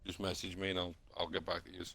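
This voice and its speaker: A man's voice: low voice, completely flat delivery, fast talker, creaky, sharp tone. A man guest on a stream, speaking frankly and easily as he signs off. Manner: frank, easygoing. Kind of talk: casual stream chat.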